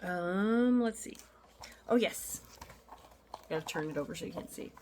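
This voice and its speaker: A woman's voice: on the low side, animated, a little slow, darkish tone, a little hiss or hum. A woman chatting casually at home as she shows off her cross-stitch finds, rambling into asides with frequent ums. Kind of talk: casual show-and-tell chat. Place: at home in an apartment.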